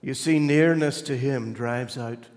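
A man's voice: mid-range voice, a little slow, a little mellow, in a large hall. A male pastor preaching a sermon in a conversational, storytelling way, earnest and reflective.

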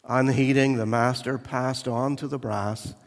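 A man preaching a slow, earnest sermon in a church, pleading with his listeners. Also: medium pitch, fairly even intonation. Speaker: pastor. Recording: echoey church hall.

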